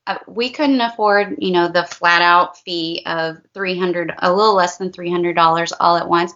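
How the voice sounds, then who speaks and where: A woman's voice: fairly low pitch, bright, forceful tone, lo-fi sound. A woman, a parent of a child with special needs, talking in an interview in an earnest, heartfelt way and repeating herself for emphasis. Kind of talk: emotional testimonial interview.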